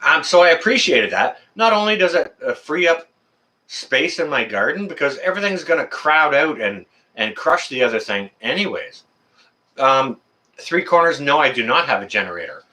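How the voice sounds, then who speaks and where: Lively, bright-voiced man chatting. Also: on the high side, moderate pace. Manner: chatty, talks to viewers and reads chat aloud. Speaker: live stream host. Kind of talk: casual live-stream chat. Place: apartment.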